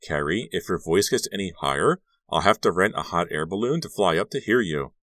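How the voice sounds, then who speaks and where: A man voicing a sharp-tongued, sarcastic teenage girl in an audiobook reading. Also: low-pitched, animated, fairly quick, no room sound, clean studio sound. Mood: incredulous. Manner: sarcastic, mock-snooty.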